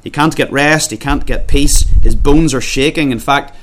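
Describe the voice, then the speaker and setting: A man preaching an earnest expository sermon, often repeating words and slowing down when he quotes scripture. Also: medium pitch, a bit bright, slight background noise. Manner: slows down when quoting scripture.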